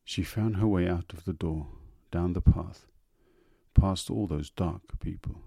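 A man reading a literary story aloud in a slow, measured, lingering way. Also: low-pitched, gravelly, warm tone, husky, no room sound. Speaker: narrator.

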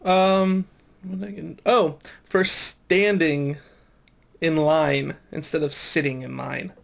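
A young man hosting a relaxed conversation, asking questions and teasing his guest. His voice sits a bit high and has a heavy, gravelly fry. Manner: joking interviewer, quick to laugh. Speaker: podcast host. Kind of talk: casual chat.

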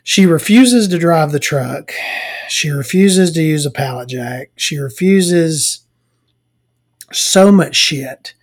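A woman's voice: low-pitched, lively intonation, takes it slowly, slightly rough. A woman, telling blunt, profane work stories to camera in a casual rant. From Southern United States. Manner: profane, blunt, laughing storyteller. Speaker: vlogger.

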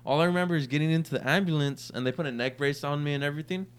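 A man's voice: on the high side, racing, clean tone. Young man telling a profane story. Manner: profane, animated storyteller acting out quotes. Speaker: podcast co-host. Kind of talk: casual storytelling.

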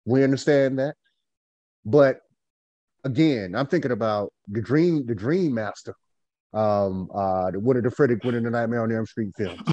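A man's voice: medium pitch, a little mellow, no echo, dull audio. A man hosting a casual discussion, emphatic and profane, hammering points home by repeating words. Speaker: podcast host.

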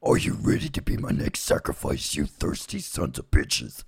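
A growling demonic priest. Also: male voice, big pitch swings, moderate pace, darkish tone, heavily acted. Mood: menacing. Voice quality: deep gravelly whispered growl. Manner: threatening, snarling. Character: menacing demonic satanic priest, male, bloodthirsty.

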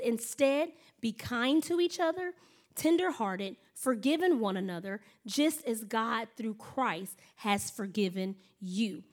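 A woman pastor preaching a sermon in an animated storytelling manner, acting out her own thoughts and laughing often. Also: fairly high pitch.

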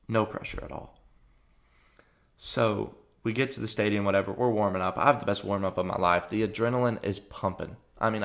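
A young man from Arkansas hosting a podcast, telling a story in a chatty, animated way with lots of fillers. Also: fairly low pitch. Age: young adult. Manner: chatty, frequent fillers and restarts, animated retelling. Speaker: podcast host. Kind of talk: casual storytelling monologue.

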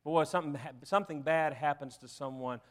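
A man preaches a sermon, his voice sitting noticeably high. He mixes folksy humor into dramatic storytelling, in the manner of a pastor addressing his congregation. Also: brisk. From Southern United States.

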